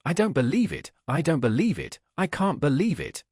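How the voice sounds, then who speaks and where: A man voicing an anxious, kind young wife who pleads with agitation and repeats herself, in a raised, husky voice. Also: mid-range voice, wildly swooping pitch, moderate pace, no echo, clean studio sound. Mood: distressed.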